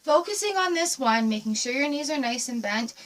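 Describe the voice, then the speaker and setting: An encouraging woman dance teacher leads a home lesson, calling out counts and cues while she moves. Her voice sits a touch high, a little breathless, and it reaches the mic from across the room. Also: animated, brisk, fairly bright tone, recorded from a distance. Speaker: dance instructor. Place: room at home with a squeaky floor.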